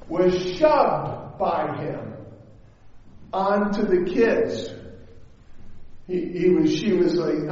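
High-voiced preacher in an echoey hall. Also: male voice, a little mellow, a little hiss or hum. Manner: chatty, checks in with the audience. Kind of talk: storytelling sermon. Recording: echoey hall, dull lo-fi sound.

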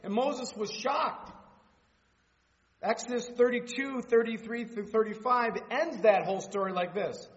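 A man's voice: extremely high pitch, measured pace, in a large hall, muffled recording. A man in his fifties teaching a Bible study in an informal sermon, telling personal stories and reading scripture aloud. He rambles, repeats words and restarts phrases, and raises his voice for scripture.

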